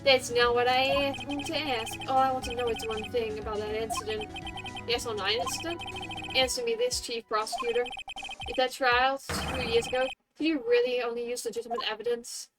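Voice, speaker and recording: A woman voicing a gruff, confrontational male detective in a put-on Texan accent, drawling and accusing. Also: fairly high pitch, level tone, fairly quick, over loud music, natural voice, low-quality recording. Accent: exaggerated Texan accent (put on).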